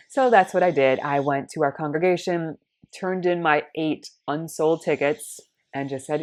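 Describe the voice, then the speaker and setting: A woman tells a personal testimony, animated and lively. Her voice sits a little low and she slips into voices for the dialogue. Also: normal speed. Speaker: storyteller.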